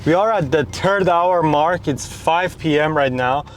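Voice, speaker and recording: Sitting in a parked car in a city, a young man with a fairly high voice talks casually to his camera at an unhurried pace. He's chatty, mock-complaining about his challenge in this vlog narration, with noisy background sound.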